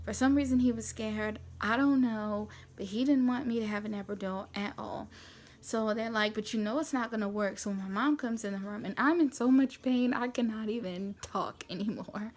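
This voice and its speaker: A woman vlogger tells a personal story in a chatty, casual way. Her voice sits a little high, and her animated retelling is full of fillers. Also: moderate pace. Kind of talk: storytime vlog.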